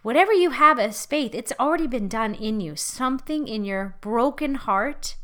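A woman preaching a sermon in a lively, conversational way, laughing as she talks. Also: on the high side, moderate pace.

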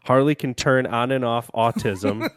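A man's voice: medium pitch, a little slow, dry recording. A man in casual chat, throwing in dry joking asides.

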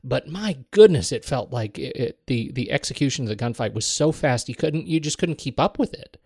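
A man with a mid-range voice talks with eager enthusiasm, his delivery lively and animated. The sound is dry and close, with no room echo. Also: medium pitch, brisk, breathy edge. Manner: enthusiastic, animated, laughs while talking. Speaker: podcast co-host. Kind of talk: casual film discussion.

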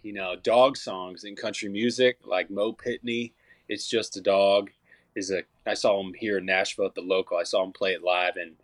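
A man's voice: lowish voice, dry recording. A young man, a songwriter and musician, chatting casually as an interview guest, rambling with frequent restarts and fillers.

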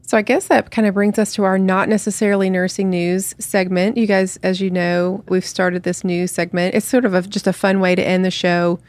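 A woman's voice: medium pitch, little pitch movement, moderate pace, few pauses, darkish tone, no echo. Woman podcast host, chatty, laughs a lot, dry close sound. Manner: laughs often, chatty, reads aloud with energy. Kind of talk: casual chat reading a satire article.

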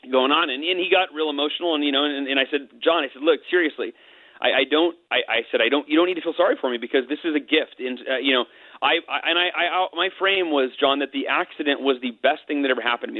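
A man's voice: medium pitch, no echo. A middle-aged man, an interview guest, telling a personal story candidly and emotionally, mixing in jokes. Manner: candid, emotional, quick to joke. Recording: tinny phone-line sound.

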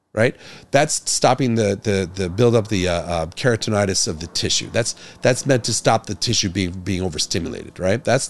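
A man with a deep, low voice talks through a solo medical podcast, recorded close and dry with no room sound. He pushes his points with passion, repeats words as he restarts, and keeps asking rhetorical questions. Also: no room sound. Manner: grows louder and higher when exasperated. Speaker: podcast host, doctor.

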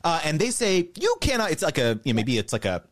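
A man being interviewed on a podcast, explaining step by step in an animated way. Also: on the high side, fast talker. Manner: animated, explains step by step, mimics others' voices. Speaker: guest, creator business educator.

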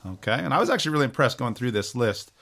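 A man's voice: medium pitch, expressive, very fast, creaky, fairly bright tone. A man co-hosting a podcast, reading through a list of facts in a casual, joking way. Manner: reads a list with jokes and stumbles. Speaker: podcast co-host, researcher.

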